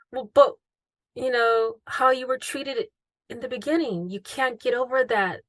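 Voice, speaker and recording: A woman's voice: on the high side, fairly bright tone, no room sound. Emphatic woman podcast host, dry sound. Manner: emphatic, indignant. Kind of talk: interview conversation.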